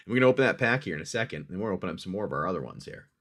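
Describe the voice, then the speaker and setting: A man's voice: deep voice, very animated, rapid-fire. A man hosting a livestream, narrating a dice-rolled adventure game for a player he calls his friend and reacting to each roll. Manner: chatty, addresses the player as "my friend"; talks through dice rolls, reacts loudly to hits.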